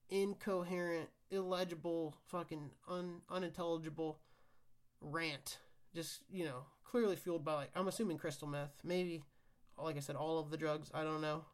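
A young man hosting a solo podcast, rambling and ranting casually with lots of swearing. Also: fairly high pitch. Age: young adult. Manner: profane, rambling, animated ranting. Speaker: podcast host.

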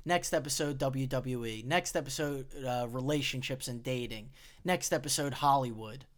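A man's voice: medium pitch, moderate pace. A man co-hosting a podcast in casual chat, upbeat as he thanks listeners. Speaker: podcast co-host.

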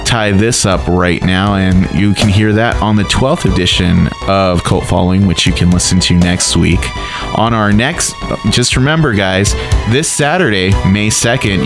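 A man hosting a podcast, chatting casually and then reading upcoming event plugs with quick enthusiasm. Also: on the low side, over music. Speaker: podcast host.

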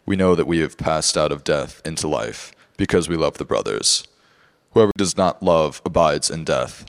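A man reading scripture aloud in a slow, formal cadence. His voice is extremely low and booming. The delivery is steady and reverent, suited to a church service. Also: vocal fry. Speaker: scripture reader.

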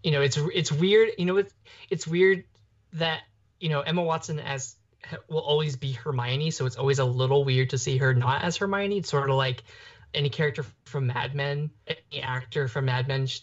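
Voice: mid-range voice, steady tone, moderate pace. A young adult podcast co-host talking casually about a film, rambling with lots of fillers and restarts. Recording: dull lo-fi podcast audio.

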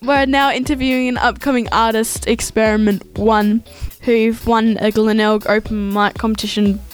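A woman's voice: a little high, level tone, moderate pace, clear, resonant tone, soft background music. A young woman presenting on student radio, upbeat as she promotes the show. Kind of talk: casual radio chat.

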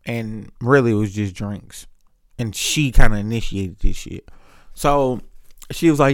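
A man's voice: on the low side, unhurried, no room sound, clean studio sound. A man in his thirties hosting a podcast, telling a rambling, profane story in casual chat and acting out the voices of the people he quotes. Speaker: podcast host.

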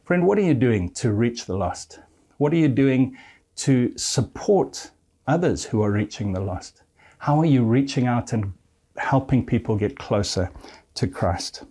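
Male preacher, earnest sermon delivery, lowish mellow voice, speaks straight to the listener. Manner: earnest, addresses listeners directly as friend; reads scripture verses aloud.

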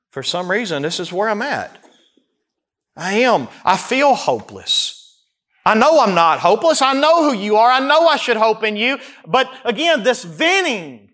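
A man preaching a sermon as a pastor, rising to near-shouts and dropping low as he voices the psalmist's cries. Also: big pitch swings, moderate pace. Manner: acts out the psalmist's cries in first person.

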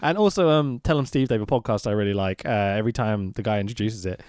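A man's voice: fairly low pitch, fast, darkish tone, clear, resonant tone, no room sound, studio quality. A man co-hosting a podcast in casual chat, swearing freely and laughing often. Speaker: podcast co-host.

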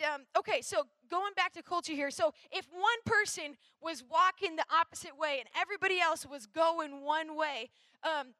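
A woman's voice: high-pitched, pushed and bright, no room sound. A woman from Minnesota giving a chatty, rambling youth sermon, full of fillers and asides.

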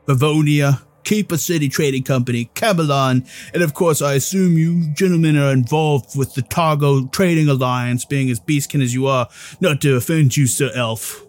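A man voicing a proud male warrior priest devoted to martial arts, in a formal, gruff tough-guy drawl during a tabletop game. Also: fairly high pitch, normal speed, lightly acted. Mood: boastful. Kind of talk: tabletop game role-play.

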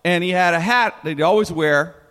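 A man telling a comic story in an animated way, laughing often and tripping over his restarts. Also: high voice, a little fast, big-room sound.

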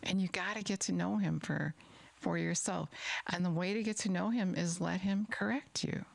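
A woman's voice: fairly low pitch, moderate pace, vocal fry. A middle-aged woman preaching an earnest sermon and reading scripture aloud, repeating words for emphasis.

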